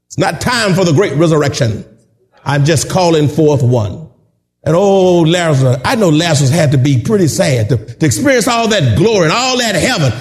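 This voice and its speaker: A man preaching a sermon, emphatic and animated, at times shouting and chuckling as he drives his points home. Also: high voice. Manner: drawn-out, emphatic delivery.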